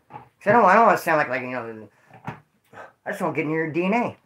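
A man's voice: fairly high pitch, sing-song, fast, long pauses, a bit bright. Rambling, profane man telling stories. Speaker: vlogger telling prison stories. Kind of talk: casual storytelling to viewers.

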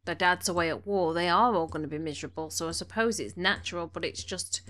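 A woman's voice: lowish voice, fast, fairly bright tone. A woman giving casual gameplay commentary, chatting along and bossing her game characters around, a little snuffly from allergies. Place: home room.

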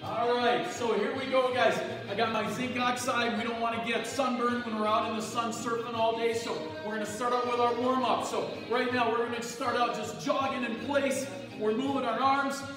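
An upbeat surfer dude, as a man puts him on, drawls his slang with bright high energy. He sounds far from the mic in a long, ringing hall. Faint music plays behind him. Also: level tone, normal speed, few pauses. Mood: pumped coaching. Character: laid-back adult male surfer dude, upbeat. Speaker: workout leader. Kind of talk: kids' PE workout video.

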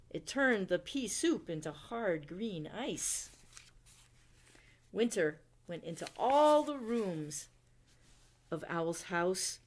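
A woman librarian reading a children's book aloud at storytime. She reads slowly and gently, her voice rising and falling with a lively, singsong range. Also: mid-range voice. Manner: gentle, expressive read-aloud with questions to listeners.

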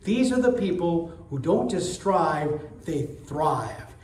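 Enthusiastic man giving a lively keynote. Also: a little high, takes it slowly, a little hiss or hum. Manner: dynamic, enthusiastic, with playful quoted voices. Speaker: motivational keynote speaker. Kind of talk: motivational storytelling speech.

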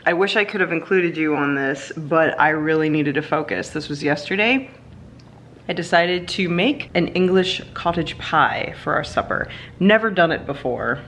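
Woman, from the US, low voice, playful and giggly, casual home vlog, faint background hiss. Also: normal speed, a bit bright. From United States. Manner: playful and giggly, slips into a silly voice. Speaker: vlogger.

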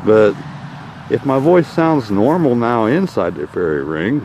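A man's voice: mid-range voice, big pitch swings, measured pace, a little mellow, slight background noise. Folksy man vlogging outdoors. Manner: folksy, meandering, playful. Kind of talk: casual outdoor vlog narration. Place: outdoors in a rural yard.

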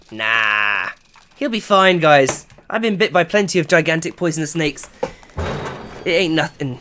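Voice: mid-range voice, a little hiss or hum. A game streamer giving live gameplay commentary, chatting to viewers and yelping when startled. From England. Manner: chatty, talks to the chat, yelps and shouts when startled.

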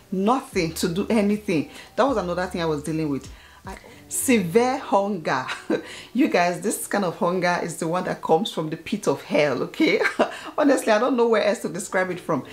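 A woman vlogger in her thirties telling a personal story straight to her viewers in an animated, chatty way. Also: mid-range voice. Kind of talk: casual talk to camera.

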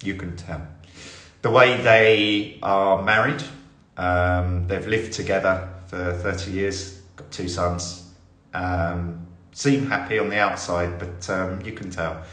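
A man's voice: low-pitched, steady tone, slow pace, a bit bright, echoey room. A man playing a lonely, deluded older woman who is smitten with the staff at her post office, in a rambling, coy improvised comic monologue. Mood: gossipy. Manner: rambling, muddling proverbs, giggly and coy. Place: indoor room on a live stream.

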